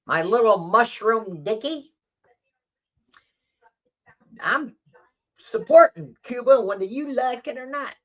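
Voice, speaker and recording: A woman's voice: a little high, expressive, slow, long pauses, highs cut off, voice pushed up. A woman putting on the voice of a smug foreign strongman who taunts a rival in a condescending, mocking way. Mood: taunting.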